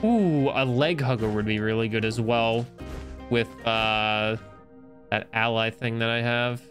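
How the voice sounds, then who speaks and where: A man's voice: medium pitch, measured pace, a bit bright. A young man from Canada chatting casually and rambling self-deprecatingly while streaming a game, a little tired. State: tired, yawning. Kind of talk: casual gameplay commentary. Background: game music.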